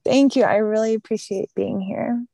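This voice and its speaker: A woman's voice: a little high, moderate pace, creaky, mellow, soft background music. A woman with a Southern accent, a guest on a podcast, talking in a bubbly, chatty way full of fillers. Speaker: podcast guest, business coach. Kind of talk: casual interview chat. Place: mountain home.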